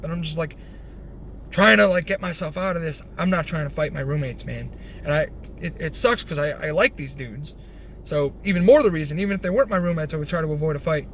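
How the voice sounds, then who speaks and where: A young man telling a rambling personal story, animated, swearing freely and restarting his sentences. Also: a little high, fairly quick. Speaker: vlogger. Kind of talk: casual storytelling. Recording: faint background noise.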